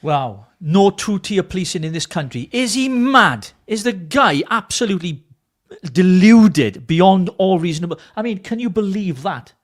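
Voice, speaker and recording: A man's voice: sits high, animated, moderate pace. A man from Britain co-hosting a political talk show, ranting angrily and swearing. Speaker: co-host.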